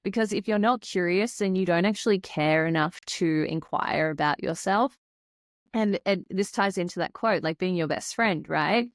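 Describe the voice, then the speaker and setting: A woman's voice: lowish voice, moderate pace, no echo. Woman host, anxiety coach, reflective chat, affirming, dry close mic.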